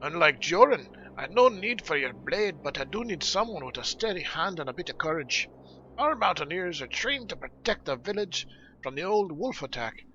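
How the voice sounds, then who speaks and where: A man voicing gruff male dwarf quest-givers with a put-on fantasy dwarf brogue, reading game quest text aloud. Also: a little high, big pitch swings, moderate pace, bright, forceful tone, muffled recording, slight background noise, pitched above the performer's own voice, exaggerated voice. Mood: commanding.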